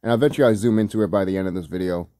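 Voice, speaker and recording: Mellow low-voiced man rambling commentary. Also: racing, dry recording, clean studio sound. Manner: rambling, profane, laughing, many fillers. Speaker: video commentator. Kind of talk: casual reaction commentary.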